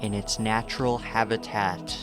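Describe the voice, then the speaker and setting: A man's voice: fairly low pitch, little pitch movement, a little slow, music in the background, natural voice. A man voicing a male nature documentary narrator in a mock-solemn way.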